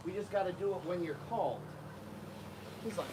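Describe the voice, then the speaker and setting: In a high voice and at a fairly quick clip, this alligator keeper hosts his channel's casual vlog, feeding the animals outdoors where it's windy. He's animated, calling to the gators in a coaxing tone, and the outdoor recording is noisy.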